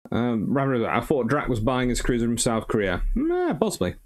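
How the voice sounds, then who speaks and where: Guy on a live stream going through chat questions, rambly, lots of ums, mid-pitched voice. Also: huge pitch swings, brisk. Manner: reads out comments and answers them, with many ums and uhs. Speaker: host answering viewer questions.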